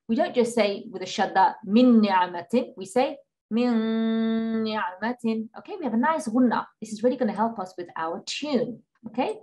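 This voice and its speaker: Patient woman teaching Qur'an reading. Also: medium pitch. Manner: patient, repeats and checks with "okay?"; models Arabic sounds slowly, drawn out. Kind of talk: online class lesson.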